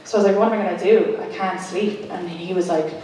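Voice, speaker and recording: A young Irish woman telling a deadpan stand-up anecdote to a live audience. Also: lowish voice, quick pace, slight background noise. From Ireland. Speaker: stand-up comedian. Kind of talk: stand-up storytelling. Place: comedy venue before a live audience. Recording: echoey room, distant mic, live crowd.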